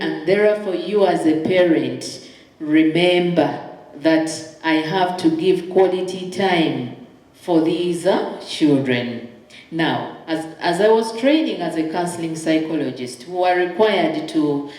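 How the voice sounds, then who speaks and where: A woman's voice: fairly low pitch, a little mellow. A middle-aged woman, a counseling psychologist giving emphatic parenting advice and acting out little dialogues. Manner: emphatic, acts out short dialogues. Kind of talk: conversational advice talk. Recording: very echoey room.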